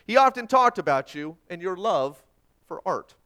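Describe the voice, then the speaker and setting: A preacher speaking as a humble young soldier, earnest and grateful. The voice stays high with lively rises and falls. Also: male voice, normal speed, heavily acted.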